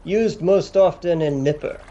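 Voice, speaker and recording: A man voicing a gruff, formal male ship captain in a tabletop role-play, speaking in clipped sentences. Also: on the high side, measured pace, mellow, lo-fi sound, a little hiss or hum, natural voice. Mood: formal, terse.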